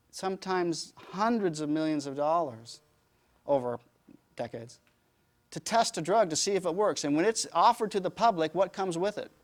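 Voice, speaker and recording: A man teaching yoga, answering audience questions with emphatic, rhetorical explanations. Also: a little high. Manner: emphatic, rhetorical, animated storytelling.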